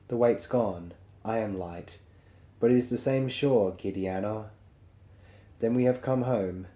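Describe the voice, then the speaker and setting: A man with a fairly low, dark and mellow voice reads a story aloud in a slow, hushed, solemn way. The reading has a roomy echo around it, as if recorded in an open space. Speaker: audiobook reader. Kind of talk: dramatic audiobook reading.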